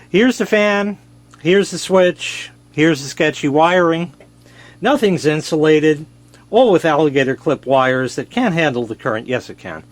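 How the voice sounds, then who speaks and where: A man's voice: fairly high pitch, lively intonation, unhurried, no echo. A man casually showing an old gadget on camera, joking and mocking himself as he rambles. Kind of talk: casual show-and-tell.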